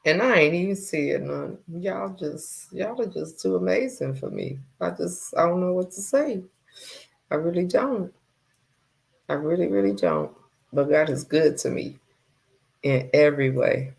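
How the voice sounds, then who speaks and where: Woman livestream host, low voice, slow, gravelly, heartfelt, repeats herself. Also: animated, a little mellow. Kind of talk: casual live chat.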